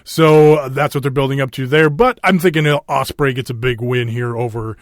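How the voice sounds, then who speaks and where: A man's voice: medium pitch, brisk, no echo, clean studio sound. A man with a Minnesota accent hosting a wrestling podcast, talking in a loose, rambling way full of fillers and swearing. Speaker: podcast host. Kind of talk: casual chat.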